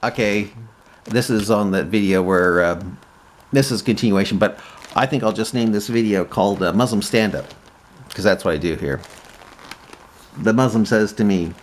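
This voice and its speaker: A man's voice: lowish voice, normal speed, pauses often. A man talking casually to camera as a vlogger, with frequent restarts and hesitations as he sets up his comedy idea. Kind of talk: casual rambling commentary.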